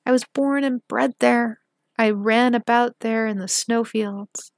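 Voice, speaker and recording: A woman voicing a slow, dreamy reindeer. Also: fairly high pitch, no echo. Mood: proud. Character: proud wistful reindeer from the far north.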